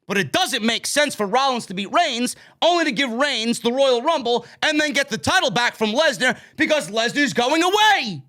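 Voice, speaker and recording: High, bright-voiced ranting man. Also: expressive, moderate pace, few pauses. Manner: ranting, profane, emphatic. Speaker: podcast host. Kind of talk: wrestling news commentary rant.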